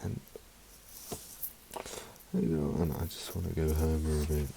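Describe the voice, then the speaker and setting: A man's voice: very deep voice, flat delivery, a little slow, gravelly, dark tone, a little hiss or hum, low-quality recording. A man vlogging in casual chat, rambling and emotional, swearing often.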